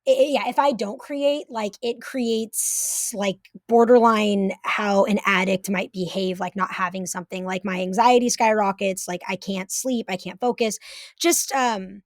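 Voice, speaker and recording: A woman's voice: medium pitch, steady tone, measured pace, no echo, clean studio sound. A woman guest talking casually on a podcast, chatty and swearing freely, with many fillers. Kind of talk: casual chat.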